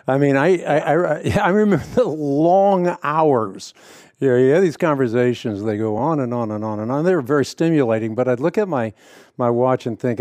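A man's voice: medium pitch, moderate pace, darkish tone, dry recording. A middle-aged man who hosts a radio show, talking earnestly and fluently, telling stories in conversation. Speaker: radio host. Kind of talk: conversational interview.

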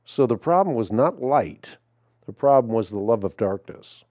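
A man hosting a call-in radio show, talking in a measured, emphatic, preacherly way. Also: medium pitch, expressive, dark tone, no echo.

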